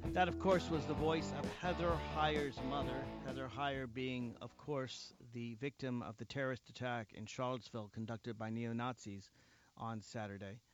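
A man's voice: medium pitch, fairly even intonation, normal speed, soft background music. A man hosting a talk radio show, leading guests with emphatic, indignant remarks.

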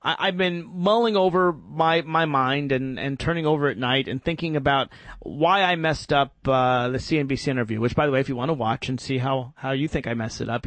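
A man hosting a political talk radio show, arguing in an animated way and acting out imagined exchanges. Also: medium pitch, dry recording.

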